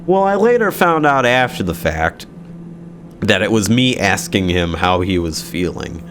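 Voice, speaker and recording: A man's voice: low voice, very animated, measured pace, faint music behind. A young man casually telling a story from his school days, sarcastic, swearing freely and laughing often.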